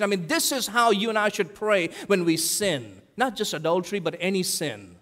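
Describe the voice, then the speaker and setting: A man preaching a sermon in a church, his voice sitting a little high for a man. He swings from forceful emphasis down to hushed, quiet scripture quotes. A long hall reverb trails every phrase. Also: moderate pace. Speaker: pastor.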